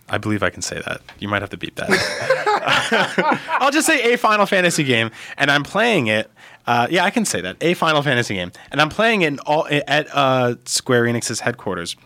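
A man's voice: medium pitch, no echo. A man on a casual podcast telling a story, acting out the people he quotes and laughing as he goes. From United States. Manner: animated, acts out quotes with laughing asides. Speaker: guest.

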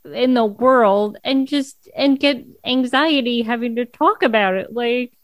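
A woman co-hosting a casual sports podcast, animated and quick to mock fans in put-on voices. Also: a little high, no room sound. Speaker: podcast co-host.

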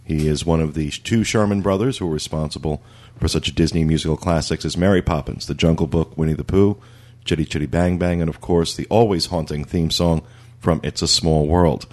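A man's voice: extremely low pitch, steady tone, brisk, a little mellow. A man hosting a casual podcast in an easygoing way, wrapping up the show. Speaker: podcast host.

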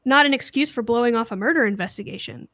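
A woman co-hosts a podcast with a slightly high voice, laying out her points in a measured, explaining way. Her close sound is dry. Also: fairly bright tone, no room sound. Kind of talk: casual chat.

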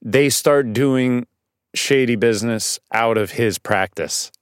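A man guesting on a podcast as an actor, telling stories casually in a studio, animated and swearing now and then. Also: mid-range voice, slow, clear, resonant tone, dry recording. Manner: animated storytelling with restarts and swearing.

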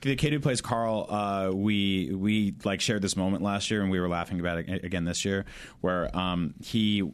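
A man's voice: low-pitched, fairly even intonation, normal speed, clear, resonant tone. A man co-hosting a games podcast, telling rambling stories in casual chat with lots of fillers. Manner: rambling storyteller, many fillers. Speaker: podcast co-host.

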